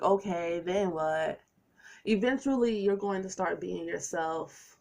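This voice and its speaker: A woman with a lowish, gravelly voice gives her viewers a tarot reading. She talks in a chatty, playful way, dropping in preachy asides throughout this casual monologue.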